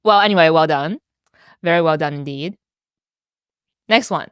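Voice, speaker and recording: A woman's voice: deep voice, normal speed, long pauses, clean tone, no room sound, clean studio sound. A woman hosting a podcast quiz, chatting casually and laughing often as a playful quizmaster. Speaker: podcast host running a quote quiz.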